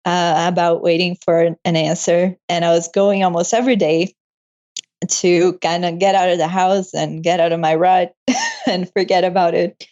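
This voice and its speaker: A woman's voice: fairly low pitch, normal speed, highs cut off. Laughing, emotional young woman storyteller. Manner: emotional, laughs often, animated retelling. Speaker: guest, medical student. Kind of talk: casual interview storytelling.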